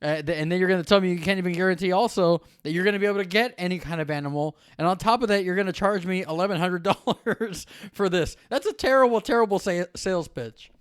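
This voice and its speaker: Smooth-voiced man telling a devotional story. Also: sits high, fast talker, few pauses. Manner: storytelling, animated and laughing. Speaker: preacher. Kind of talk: devotional talk.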